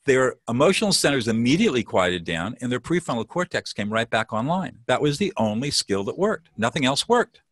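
A man's voice: medium pitch, sing-song, a little fast, hardly any pauses, fairly bright tone, no room sound. A man teaching as an interview guest. He explains with confidence and acts out short example phrases. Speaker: peacemaker and mediation teacher, guest.

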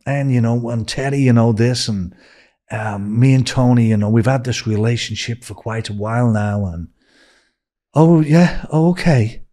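The voice belongs to an older man from Liverpool, England, medium in pitch with a darkish tone and a Scouse accent. In this laid-back storytelling interview he's the guest, rambling through tales, acting out what others said, and repeating "you know" often.

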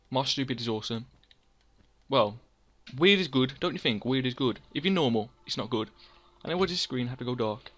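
A young man chats through a building game at an ordinary middle pitch. He rambles from one thought to the next, teases himself and answers his own questions. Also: a bit bright. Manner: rambling, self-mocking, talks to himself by name. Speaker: let's play host. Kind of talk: casual gameplay commentary.

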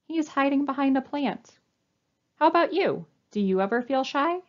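A woman librarian reading a picture book aloud to young children, with an animated, coaxing sing-song delivery. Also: high voice, moderate pace, muffled recording. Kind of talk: storytime read-aloud.

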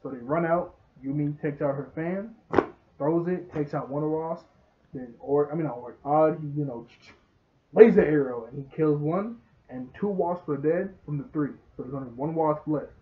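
A man's voice: fairly high pitch, moderate pace, slight background noise. Chatty man laughing through a show recap. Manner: chatty, laughs often, acts out quotes. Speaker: show reviewer. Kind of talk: casual recap. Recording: tinny phone-like sound.

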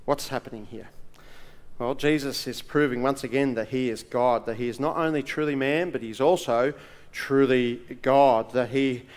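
A male pastor preaching a sermon in a church, emphatic, with dramatic pauses and swings between loud and soft. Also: sits high.

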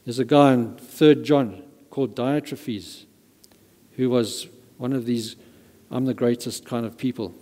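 A male pastor preaches with emphatic stress and repeats words to drive a point home. His voice is warm and mellow. The sound carries a long reverb from the church hall. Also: medium pitch, measured pace. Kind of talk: sermon.

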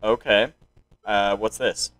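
A man playing a card game on his channel and thinking out loud, with sudden excited outbursts between calm remarks. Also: lowish voice, takes it slowly, dry recording, faint music behind, poor audio. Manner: excitable reactions and self-talk. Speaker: gaming channel host. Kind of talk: let's play commentary.

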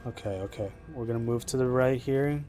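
A young man streaming live, rambling chattily about his game with excitable reactions. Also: mid-range voice, a little fast, over loud music. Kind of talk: live gameplay commentary.

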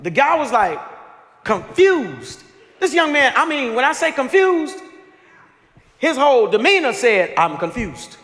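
A male pastor telling a story during a sermon, acting out the people in it with laughter and shouts. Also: very high-pitched, a little slow, long pauses. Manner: animated, acts out people in his story, laughing and shouting at times. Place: large church sanctuary with congregation. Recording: live church hall with faint crowd.

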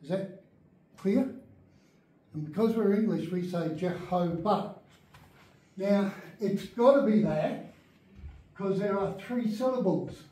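In a church meeting room, a man leads an adult Bible class in a high, dark voice, speaking a little slowly with long pauses. His delivery is emphatic, and he keeps checking that listeners follow along. The mic sits far from him in a very echoey space.

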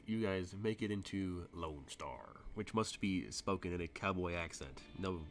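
A man with a low voice and a lively, swinging pitch runs the game as game master. He narrates loosely, laughing often and thinking aloud, with filler words scattered through the scene-setting. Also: unhurried, faint music behind.

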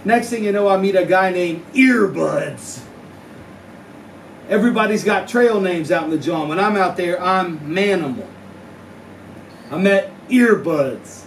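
A man telling a profane tall tale live, in a drawling deadpan manner broken by sudden yelps. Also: high voice, normal speed, gravelly, distant mic, slight background noise. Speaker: storyteller. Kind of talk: live spoken-word storytelling over guitar. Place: live venue. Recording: roomy live recording from off mic. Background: plucked guitar music.

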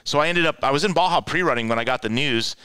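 A man tells stories in a casual, animated way, jumping into the voices of the people he quotes. His voice is bright and clear. The recording is dry, with little room sound. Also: on the high side, fast, no echo. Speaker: guest, offroad racer. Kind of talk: casual storytelling.

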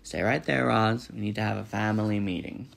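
A man reading a storybook, voicing a gruff, stubborn male beaver who is kind underneath. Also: lowish voice, fairly quick, fairly bright tone. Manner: gruff, grumbling.

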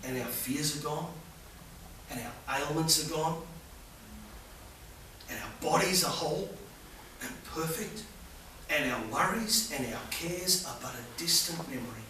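A man preaching a sermon as a visiting preacher, moving between loud fervent appeals and hushed soft passages. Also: medium pitch, unhurried, long pauses, a little hiss or hum. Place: church hall. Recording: echoey church from far off.

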